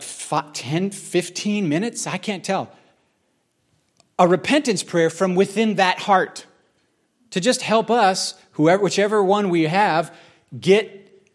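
A middle-aged pastor tells his own story from the pulpit in a candid, chatty way. His voice sits slightly high for a man, and he often restarts his sentences. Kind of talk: sermon-style personal testimony.

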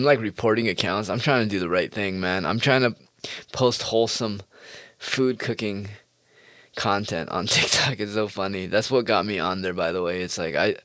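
Male podcast host, low voice, dry close sound, crude and rambling delivery. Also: a bit bright, no room sound. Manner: profane, rambling, mocking. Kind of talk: casual solo podcast monologue.

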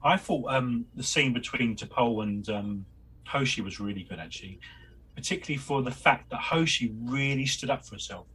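A man co-hosting a podcast, chatting casually about a TV episode in a halting way. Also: medium pitch, fairly bright tone, breathy edge, low-quality recording. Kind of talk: casual chat reviewing an episode.

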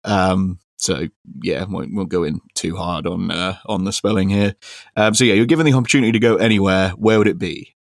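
A man's voice: low voice, a little fast, vocal fry, few pauses, dry recording. A man hosting a podcast, chatting casually in a dry, teasing way with lots of fillers. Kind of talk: casual chat.

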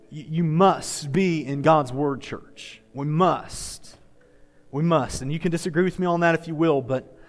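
A man's voice: on the high side, long reverb tail. A man preaching a sermon as pastor, repeating phrases and leading his congregation in call-and-response. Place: church sanctuary.

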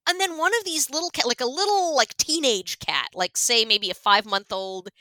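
A woman's voice: a little high, normal speed, no echo. A woman co-hosting a podcast, telling a story in casual chat and acting out the voices in it, with lots of fillers. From Washington state, US. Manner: animated, acts out voices in quotes, many fillers. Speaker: podcast co-host.

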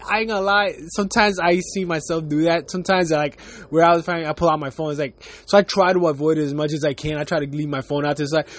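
A man in his thirties hosting his own podcast, ranting loosely with lots of profanity and laughter. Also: high-pitched. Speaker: podcast host. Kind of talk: casual ranting monologue. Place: Miami.

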